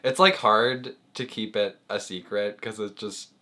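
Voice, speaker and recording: A man's voice: lowish voice, fairly even intonation, a little slow, pushed and bright. A young man chatting casually with his girlfriend on camera, laughing often and hedging with lots of fillers. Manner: giggly, hesitant, lots of fillers. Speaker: boyfriend, guest. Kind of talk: casual chat.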